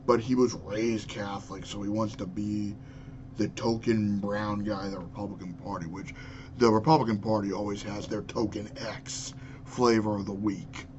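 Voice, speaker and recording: A man's voice: lowish voice, steady tone, moderate pace, dull audio, noisy background. A man in his twenties ranting angrily and profanely about politics into his webcam. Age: 20s. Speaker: vlogger. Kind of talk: political rant.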